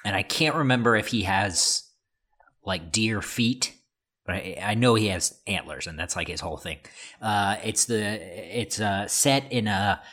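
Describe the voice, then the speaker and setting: A man's voice: on the low side, unhurried, a bit bright. A man from the United States, co-hosting a casual chat, talking hesitantly with many fillers. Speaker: co-host.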